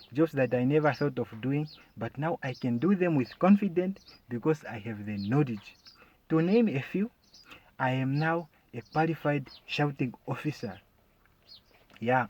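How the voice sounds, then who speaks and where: A man performing a stand-up comedy monologue, animated and bursting into loud shouted calls. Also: medium pitch. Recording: dull lo-fi recording.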